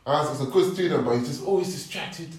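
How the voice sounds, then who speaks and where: A young man, casually telling an animated story, laughing often and using slang. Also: on the high side, fast talker. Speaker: podcast guest storyteller. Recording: echoey room, mic at a distance.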